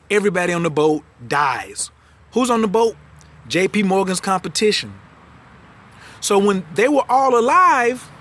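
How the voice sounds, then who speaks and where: A fast-talking man coaches his viewers live from a phone, animated and slangy. His voice runs somewhat high. A faint noise hums behind him. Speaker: astrology and branding coach. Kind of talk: live-stream talk to viewers. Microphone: phone livestream.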